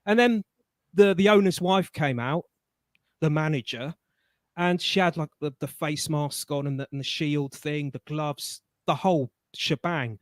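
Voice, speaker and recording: Guy, slightly high voice, dry close mic, stammers through casual anecdotes on a call. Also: a little slow, no room sound. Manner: rambling anecdotes with stammered restarts. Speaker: guest. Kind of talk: casual storytelling chat.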